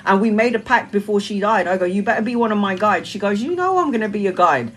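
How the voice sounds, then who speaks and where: A woman talking casually to her followers about spirituality, animated, laughing and swearing freely. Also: medium pitch, fairly quick, rough recording. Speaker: spiritual content creator. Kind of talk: casual monologue to camera.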